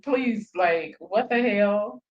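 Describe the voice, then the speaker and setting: A woman's voice: mid-range voice, slow pace. Exasperated commentary woman, muffled sound. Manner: sarcastic, exasperated calling-out. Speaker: commentary host. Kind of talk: reaction commentary.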